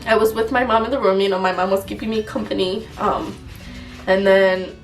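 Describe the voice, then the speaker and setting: A woman's voice: mid-range voice, fairly even intonation, fairly quick, distant mic, faint music behind. Young woman telling a personal story. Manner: casual, filler-heavy, frank with swearing. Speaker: vlogger.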